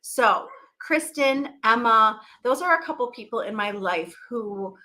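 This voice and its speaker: A woman's voice: fairly high pitch, expressive, measured pace, sharp tone. A middle-aged woman hosting a podcast, chatting casually in a rambling, laughing way. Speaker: podcast host. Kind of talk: casual live chat.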